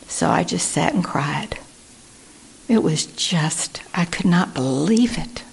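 Older woman, husky gravelly voice, lowish pitch, earnest personal testimony at a recovery meeting. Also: darkish tone. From Texas. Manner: earnest storytelling, acting out quoted voices.

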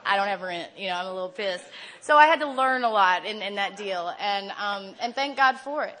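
An adult woman giving a candid personal testimony at a recovery meeting, animated and laughing often. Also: medium pitch, fairly quick.

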